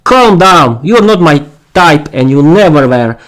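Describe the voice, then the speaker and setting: A sweet-talking vampire queen with a syrupy lilt that turns icy and dangerous, as a man puts her on. The voice sits fairly high. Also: lively intonation, a little slow, poor audio. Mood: cold threat.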